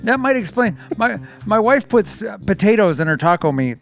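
A man's voice: sits high, big pitch swings, vocal fry, soft background music. A married man chatting casually on a podcast, often stumbling and repeating words as he starts a thought. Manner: halting, repeats words when starting a sentence. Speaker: podcast co-host. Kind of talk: casual chat.

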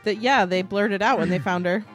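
A woman co-hosting a podcast in casual chat, laughing and quick to correct the others. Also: medium pitch, faint music behind. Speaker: podcast co-host.

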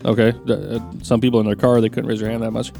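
A man telling a family story on a casual show, animated and swearing, jumping into loud, high impressions of his dad. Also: fast, gravelly, soft background music.

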